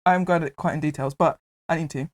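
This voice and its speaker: A woman casually retelling a film, animated and laughing as she acts out the characters. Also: low voice, fairly quick.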